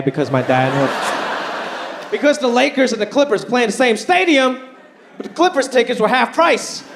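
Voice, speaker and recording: High, lively stand-up man in a club. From Los Angeles. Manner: animated, rising to near-shouts on punchlines. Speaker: stand-up comedian. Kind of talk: stand-up comedy set. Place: comedy club stage. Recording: live club, audience noise.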